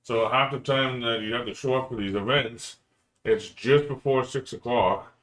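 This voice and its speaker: A man's voice: mid-range voice, steady tone, normal speed, a bit bright. A man from Canada in casual chat, laid-back and agreeable, swearing freely.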